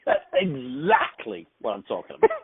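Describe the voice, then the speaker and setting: A man's voice: mid-range voice, big pitch swings, normal speed, narrow, tinny audio, heavy background noise. An Englishman hosting an accountability call, chatting casually in a jokey way with plenty of fillers. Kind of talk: casual chat.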